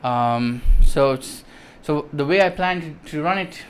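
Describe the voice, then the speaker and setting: A man with a slightly high voice shows off new computer parts in loose, excited casual chat. He rambles, restarts his sentences and fills pauses with ums. There is a faint hum of room ambience behind him. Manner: enthusiastic, rambling, many fillers and restarts. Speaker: tech vlogger.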